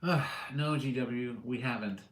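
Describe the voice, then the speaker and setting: A man's voice: medium pitch, measured pace, reverberant. A middle-aged man hosting a casual live chat, blunt and profane, chuckling as he answers comments. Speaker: livestream host.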